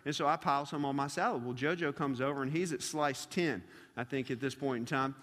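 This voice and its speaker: A man, a youth pastor, preaching a sermon and telling a personal story in a conversational, animated way. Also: medium pitch, a little fast, big-room sound.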